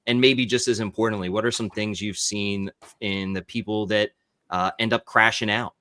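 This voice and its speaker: A male podcast host asking interview questions in a steady, measured way. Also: lowish voice.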